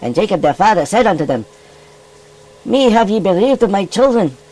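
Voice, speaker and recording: In a low-quality recording, a man with a high, sing-song, darkish voice at normal speed plays a cheerful, folksy furry animal rabbi in a puppet-style children's Bible reading. He reads King James scripture aloud in a storytelling mood, with emphatic, old-fashioned phrasing.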